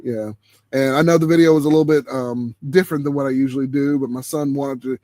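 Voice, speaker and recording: Man, host of a late-night live chat, relaxed and chuckling, dry close sound. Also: mid-range voice, fast talker, dry recording. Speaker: livestream host. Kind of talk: casual chat.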